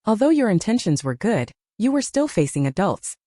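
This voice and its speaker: A woman's voice: medium pitch, sing-song, normal speed, mellow, no room sound, clean studio sound. A woman voicing a police officer giving a perfunctory lecture. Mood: stern.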